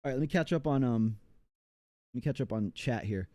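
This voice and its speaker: A man's voice: medium pitch, fairly quick, warm tone, no room sound. A man from the United States chatting casually on a live game stream, rambling and reading chat aloud with many fillers.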